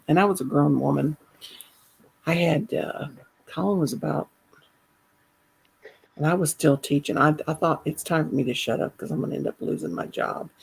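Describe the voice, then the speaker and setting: A middle-aged woman with a gravelly, husky, low-set voice spins a tale in easy conversation. She talks in an animated way and laughs through her own story. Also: poor audio. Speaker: caller. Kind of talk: casual storytelling.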